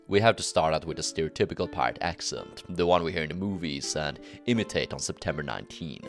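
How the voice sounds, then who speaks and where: A man's voice: sits low, a bit bright. A man hosting a history explainer, talking in a casual, wry way with the odd "uh". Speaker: history channel host. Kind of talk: explainer narration.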